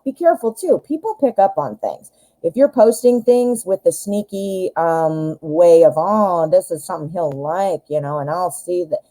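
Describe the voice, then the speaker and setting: A woman's voice: lowish voice, warm tone, poor audio. A woman giving a casual pick-a-card tarot reading, chatting and advising the viewer directly with frequent fillers. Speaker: tarot reader.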